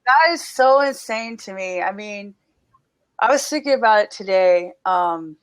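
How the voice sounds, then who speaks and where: Woman, middle-aged, lively and expressive, storytelling, casual podcast chat. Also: medium pitch, measured pace. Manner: animated storyteller, laughs often. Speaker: podcast guest.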